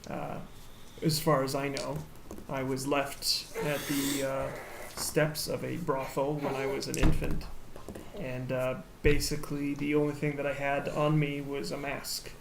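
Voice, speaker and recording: Quiet hesitant changeling bard, played by a man. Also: a little high, flat delivery, moderate pace, vocal fry. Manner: soft, subdued and hesitant. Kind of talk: in-character tabletop role-play. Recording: echoey room with faint noise.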